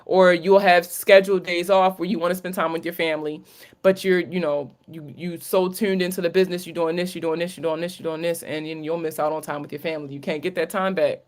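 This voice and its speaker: A woman's voice: on the low side, fairly even intonation, quick pace. A woman from Maryland with a Maryland accent, a credit coach answering viewer questions in a casual livestream Q&A, candid and sprinkled with profanity and slang. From Maryland, USA. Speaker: credit coach hosting a live Q&A.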